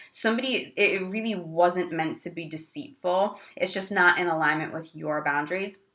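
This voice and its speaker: A fairly low-pitched woman giving a chatty tarot reading to her viewers. She talks casually, using plenty of fillers, and keeps slipping into little acted-out quotes. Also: a little fast, few pauses, bright, forceful tone. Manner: chatty, acts out quoted lines, frequent fillers. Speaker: tarot reader.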